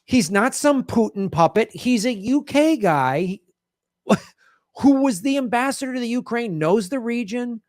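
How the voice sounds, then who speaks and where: A fired-up man rants through his political commentary in a high, bright-edged voice. He keeps circling back, restarting sentences and piling on exclamations. The sound is close and dry, with no room around it. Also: lively intonation, unhurried, no echo. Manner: emphatic, rambling, talks over clips with restarts. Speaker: political commentary show host.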